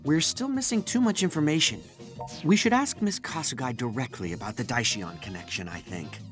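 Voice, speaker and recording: A man voicing a cautious, thoughtful male teammate in a video game, speaking in a careful, measured way. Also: mid-range voice, animated, music in the background, lightly acted.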